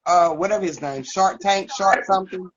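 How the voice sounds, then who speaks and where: A woman's voice: mid-range voice, moderate pace, highs cut off, crowd noise. A woman hosting a podcast, chatting casually and pressing her point by repeating it. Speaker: podcast host.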